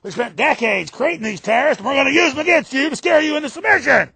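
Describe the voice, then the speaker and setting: A man doing a satirical impression of a sneering, domineering male president, shouting and ranting in a gravelly voice. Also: extremely high pitch, expressive, quick pace, exaggerated voice. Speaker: radio talk host. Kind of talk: satirical impression on talk radio.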